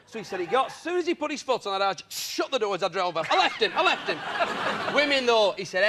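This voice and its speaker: A man telling animated anecdotes on a chat show, mimicking voices and laughing often. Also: high voice, brisk. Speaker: comedian guest. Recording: studio audience laughter, noisy.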